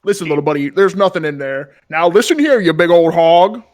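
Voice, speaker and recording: A man's voice: a little high, animated, brisk, darkish tone, close to an everyday voice. A man voicing a harried, impatient middle-aged farmer in a tabletop game. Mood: exasperated. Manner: impatient, bossy.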